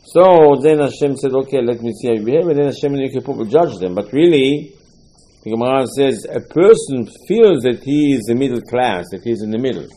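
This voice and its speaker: An older male rabbi gives a Torah lecture, his showing through. His voice is husky and warm, and he tells stories with emphatic repetition, acting out the quotes. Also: medium pitch, expressive, fairly quick, rough recording.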